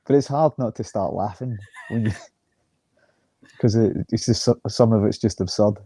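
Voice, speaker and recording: A man's voice: on the low side, moderate pace, warm tone, slightly rough, no room sound. A man co-hosting a livestream podcast, chatting in a laid-back way and teasing his co-host. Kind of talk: casual chat.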